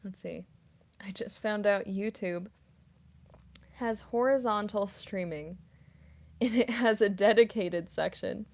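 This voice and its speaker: A woman in her mid-twenties chatting casually on a livestream, soft-spoken and rambling, with lots of fillers and little giggles. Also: medium pitch, slow pace, pauses often. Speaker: voice actress streamer. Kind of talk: casual livestream chat reading comments.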